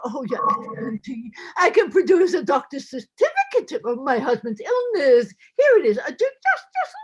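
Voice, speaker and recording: A woman's voice: high voice, wildly swooping pitch, moderate pace, dull audio. A woman voicing an elderly widow in a stage play reading, pleading in a whining, tearful way.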